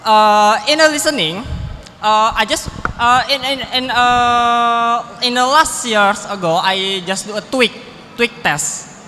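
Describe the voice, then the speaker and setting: Seminar attendee w/ indonesian accent, hesitant, bright voice, echoey hall. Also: medium pitch. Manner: halting, hesitant, searching for words. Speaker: audience member asking a question. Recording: echoey hall, faint noise.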